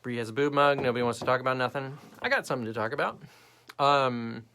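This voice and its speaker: A young man hosting a casual livestream, chatting to viewers bluntly and profanely while mimicking people in quick bits. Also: medium pitch, sharp tone, clear, resonant tone. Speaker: livestream host. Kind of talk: casual live chat reading viewer comments.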